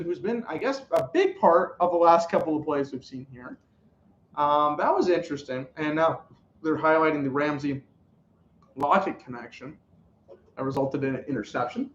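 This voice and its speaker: A man hosting a casual live stream, reacting to a football game and calling plays in an excitable, rambling way. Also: normal speed, reverberant, lo-fi sound, slight background noise. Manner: excitable, rambling, pitch jumps on big plays. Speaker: sports live-stream host.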